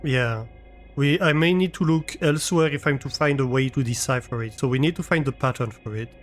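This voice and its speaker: A man at a medium pitch talks fairly quickly as he live-streams a game from his own room. He keeps up casual chat with viewers and thinks aloud while playing, over soft background music.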